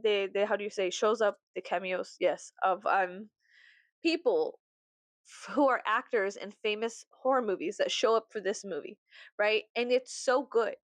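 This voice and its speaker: A woman's voice: medium pitch, normal speed, dry recording. A woman vlogger chatting casually, swearing often, breaking into laughter and theatrical outbursts. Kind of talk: casual chat.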